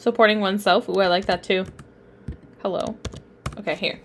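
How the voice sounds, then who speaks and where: A woman's voice: mid-range voice, fairly even intonation, brisk, a little hiss or hum. A young woman teaching tarot on a live stream, chatting with viewers, often laughing and getting sidetracked. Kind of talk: casual live-stream lesson.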